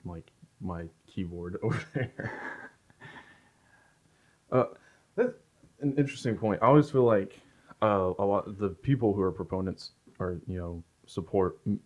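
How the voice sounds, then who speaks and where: A man hosting a podcast, jokey and quick to laugh. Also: low voice. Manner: jokey, laughing often, animated. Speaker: podcast host. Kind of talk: casual podcast chat. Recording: dull lo-fi podcast audio.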